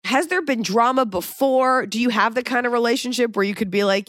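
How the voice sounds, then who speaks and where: A woman's voice: a little high, brisk, few pauses, a bit bright, dry recording, clean studio sound. A woman hosting an advice podcast, talking bluntly and swearing freely as she fires off questions in casual chat. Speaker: podcast host giving advice.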